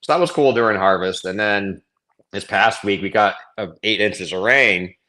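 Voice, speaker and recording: Man, guest in casual chat, lowish voice, rambling, hesitant. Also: normal speed, bright, forceful tone. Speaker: cranberry grower, guest.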